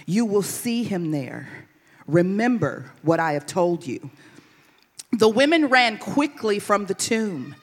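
A woman reading a Bible passage aloud in a measured, careful way during a church service. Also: medium pitch, big pitch swings. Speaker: scripture reader. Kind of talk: scripture reading. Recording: reverberant church hall.

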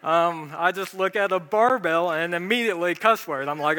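A man preaching a sermon as a pastor, telling funny, self-deprecating stories from his own life. His voice sits fairly high and sounds bright and crisp. It rings out with a long reverb, as if in a large hall. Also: moderate pace, few pauses. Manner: humorous, self-deprecating anecdotes. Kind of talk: storytelling sermon.

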